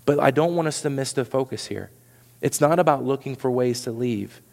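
A man's voice: medium pitch, a little fast, vocal fry, a little mellow. Man, pastor, preaching, earnest, repeats words, echoing church hall. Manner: earnest, repeats words when pressing a point. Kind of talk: sermon. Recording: long hall reverb.

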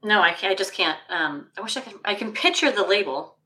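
A woman's voice: medium pitch, animated, brisk, pushed and bright, low-quality recording. A woman co-hosting a podcast in casual chat, talkative and full of fillers like "um" and "like". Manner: chatty, lots of fillers like "um" and "like". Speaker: podcast co-host.

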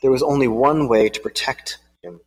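A man's voice: mid-range voice, moderate pace, breathy edge. A man giving a sermon to a congregation. He halts and repeats words while speaking freely, then reads a storybook aloud. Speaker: preacher. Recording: long hall reverb.

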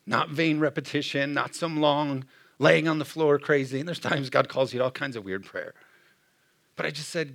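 A man's voice: on the high side, moderate pace, creaky, a bit bright. A middle-aged man preaching a sermon in a conversational style, often asking the room "Amen?". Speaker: pastor.

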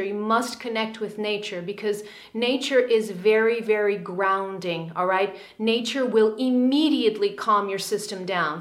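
A woman coaching viewers on calming anxiety, checking in often with "okay?" and laughing lightly between points. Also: medium pitch, echoey room. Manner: coaching, with frequent "okay?" and "all right?" check-ins. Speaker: spiritual coach. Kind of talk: direct-to-camera advice video.

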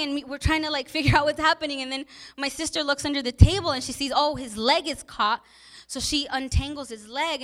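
A woman's voice: high-pitched, fairly bright tone. A young adult woman pastor preaching a sermon, telling personal stories in an earnest, emotional way.

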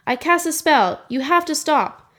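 Woman doing excitable boastful Uncle Thibault. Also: high voice, unhurried, pitched above the performer's own voice. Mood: pleading. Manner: eager, pleading, grandly hopeful. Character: excitable boastful uncle, middle-aged man.

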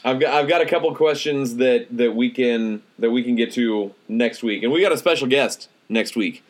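A man's voice: mid-range voice, moderate pace. A man co-hosting a casual sports podcast, chatting and teasingly quizzing his co-host.

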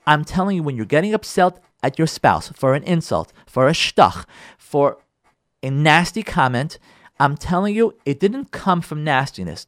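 A man's voice: fairly high pitch, dry recording, studio quality. A middle-aged man, a rabbi and marriage counselor, giving a lecture on marriage. He talks to his listeners directly, with emphasis and repetition, and acts out the quarrels of husbands and wives. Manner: lively, acts out spouses' quarrels in dialogue.

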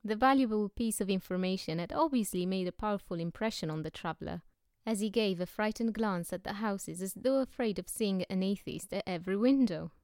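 A woman narrates a novel at a steady, even pace. Her voice is smooth and clear, at a middle pitch for a woman. The recording sounds close and dry, with no room around it. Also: brisk, no room sound. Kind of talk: audiobook narration.

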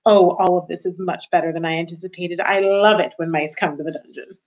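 A woman's voice: on the low side, fairly even intonation, a little fast, close to an everyday voice. A woman voicing a gleeful, cruel male rat in a storybook reading, with a mocking, gloating delivery.

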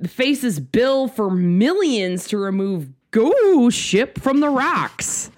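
A woman from Minnesota co-hosting a relaxed podcast and reading stories aloud at an unhurried pace. Her pitch swings widely as she jokes and laughs her way through the news. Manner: jokey, laughs often, slow deliberate reading. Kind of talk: casual chat.

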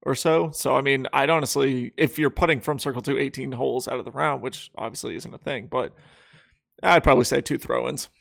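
Gravelly self-deprecating co-host, a man. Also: medium pitch, steady tone, fairly quick, a bit bright, no room sound, clean studio sound. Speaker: podcast co-host. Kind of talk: casual podcast chat.

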